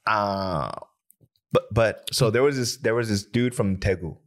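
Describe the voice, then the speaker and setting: A man's voice: fairly low pitch, unhurried. A man co-hosting a podcast, chatting casually and teasing his co-host with jokes. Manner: joking, teasing banter with laughs. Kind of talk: casual chat.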